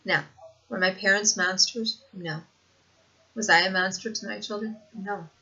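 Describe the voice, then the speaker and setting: An older woman with a medium-pitched, steady, pushed and bright voice speaks a little slowly in a casual home video monologue. She's a vlogger sharing lived experience, talking earnestly, repeating herself for emphasis and laughing often. The recording is a dull lo-fi home one.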